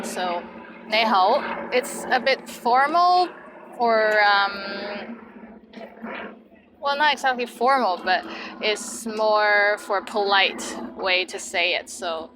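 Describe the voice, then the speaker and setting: Woman, language teacher, high voice, slight background hiss. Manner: says each word twice, then gives an example. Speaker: Cantonese teacher. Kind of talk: language lesson.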